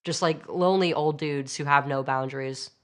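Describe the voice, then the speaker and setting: A young woman joins a show over a remote internet call. Her voice sits a little low for a woman. She talks in hesitant bursts and leans heavily on "like" as she gathers her thoughts. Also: fairly even intonation, moderate pace, a bit bright. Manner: hesitant, lots of "like". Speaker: guest. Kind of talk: casual chat. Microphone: remote call over satellite internet.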